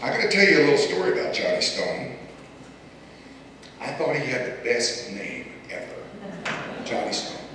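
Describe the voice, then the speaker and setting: An older man tells folksy stories to a reunion audience. He speaks to the crowd directly, and his delivery is animated and bright. He is picked up from a distance in a big, echoing hall. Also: mid-range voice, moderate pace, long pauses, a little hiss or hum. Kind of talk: storytelling speech to an audience. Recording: echoey hall, distant mic, faint ambience.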